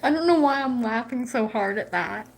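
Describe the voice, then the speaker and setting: Casual woman vlogger, talks to camera at home, swears and teases her cat, a touch high. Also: lively intonation, moderate pace, slight background noise. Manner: profane, teasing talk to her cat.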